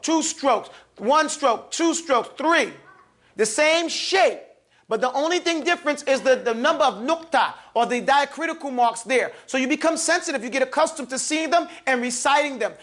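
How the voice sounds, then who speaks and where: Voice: high-pitched, fairly bright tone. An Arabic reading teacher in a live classroom, teasing the class and stressing each letter sound. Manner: emphatic, teasing, calls out letters for the class to repeat. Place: classroom with students.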